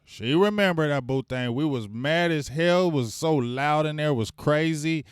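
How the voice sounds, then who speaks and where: A man's voice: on the high side, moderate pace, smooth, no room sound, studio quality. A man hosting a casual live sports fan stream. He rambles, gets hyped and calls out to the chat viewers. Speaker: fan show host.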